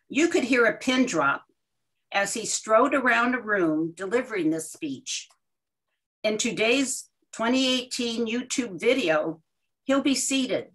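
A woman hosting a workshop, introducing a video with a slow, deliberate reading. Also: fairly high pitch, a bit bright, poor audio. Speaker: workshop host.

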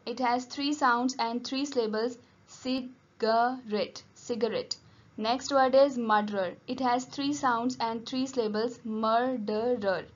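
A woman teacher reading dictation words slowly and deliberately for a class. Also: fairly high pitch, steady tone. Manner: slow, deliberate word-by-word dictation. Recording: dull lo-fi audio.

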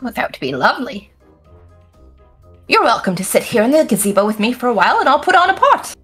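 A woman's voice: a little high, sing-song, fast talker, fairly bright tone, husky, soft background music, pitched above the performer's own voice, exaggerated voice. Woman doing a sweet old hobgoblin witch. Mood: doting. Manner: sweet, doting, fond of tea.

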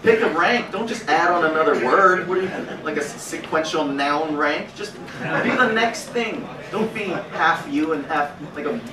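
A man's voice: high-pitched, moderate pace, a crowd in the background. A man doing a stand-up comedy set in a small cafe, riffing crudely and bantering with the audience. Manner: brash, riffing, crude jokes, chats with the audience. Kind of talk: stand-up set with crowd work. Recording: echoey room, far from the mic, loud noise. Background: audience laughter.

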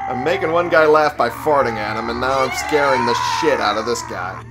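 A man's voice: mid-range voice, fairly quick, raised voice, over loud music. A man giving casual gameplay commentary, sarcastic and profane, talking back to the game's characters. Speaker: let's play gamer.

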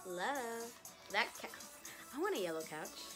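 A woman's voice: fairly high pitch, big pitch swings, measured pace. A young woman chatting casually in a reaction vlog, gushing and breaking into laughs and gasps. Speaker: vlogger. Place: at home, sitting down. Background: music video playing faintly.

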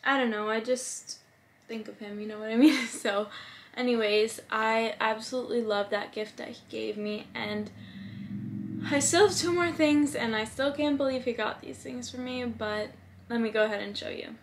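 In this casual haul vlog, a twenty-something vlogger talks excitedly about the birthday presents she got, filling her speech with "like" and "um." She has a fairly high voice and a moderate pace, and some faint background noise is audible.

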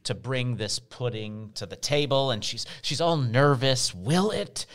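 A man co-hosting a chatty show, walking the others through food history at an easy pace. His voice sits in a middle register and he talks in a relaxed, wry, self-deprecating way. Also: medium pitch, measured pace, clear, resonant tone. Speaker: podcast co-host. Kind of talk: casual chat explaining history.

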